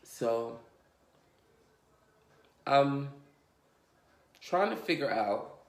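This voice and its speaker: A man talks straight to the camera in a confessional storytime, rambling and emotional, with plenty of fillers and swearing. His voice sits at an ordinary middle pitch. The room around him sounds roomy and echoey. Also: a little slow, pauses often. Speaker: vlogger. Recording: roomy echo.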